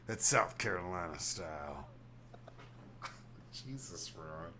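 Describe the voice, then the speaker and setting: A man hosting a podcast, joking loudly, swearing and laughing in casual chat. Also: on the low side, moderate pace, noisy background. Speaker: podcast host.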